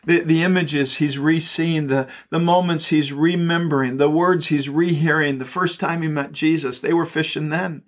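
A man preaching a sermon with a slightly high voice. He tells the story in an earnest, conversational way, and he often trips over his words and repeats them as he goes. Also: steady tone, moderate pace, hardly any pauses. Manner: earnest storytelling with frequent stammered word repeats. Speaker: pastor.

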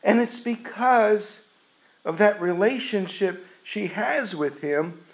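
A male preacher delivers a sermon with earnest emphasis. His voice sits a little high for a man, and he moves through the story at an unhurried, deliberate pace. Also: rough recording.

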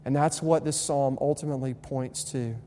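Young male pastor, sermon delivery, mellow tone, quiet to fervent, recorded in a reverberant hall. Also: mid-range voice, steady tone, moderate pace. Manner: swings from quiet tender lines to loud impassioned preaching. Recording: long hall reverb, faint hum.

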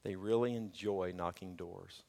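Man, pastor, sermon, shouted peaks, joking asides, long church reverb. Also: low voice, fairly even intonation, unhurried, gravelly. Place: church sanctuary.

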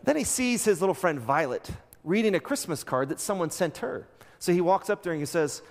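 Pastor preaching in a reverberant church. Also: male voice, high-pitched, fairly quick. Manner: animated storytelling, acts out characters' lines. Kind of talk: sermon. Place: church sanctuary.

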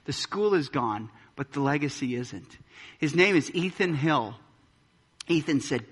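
A man's voice: on the high side, animated, unhurried, fairly bright tone, husky, in a large hall. A man preaching a sermon as pastor, emphatic and full of pointed rhetorical questions. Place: church sanctuary.

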